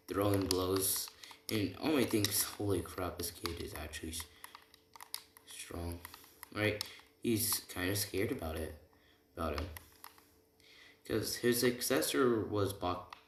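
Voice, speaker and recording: A man casually improvising a story, rambling with constant "right?" and "like" fillers. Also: deep voice. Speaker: storyteller of an anime fan scenario. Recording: roomy, noisy home recording with typing.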